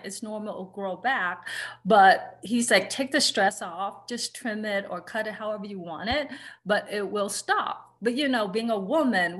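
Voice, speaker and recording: Woman guest, thirties, casual interview talk, candid and chatty, mid-pitched. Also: fairly bright tone. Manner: open, chatty, frequent "like" and "you know". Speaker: podcast guest.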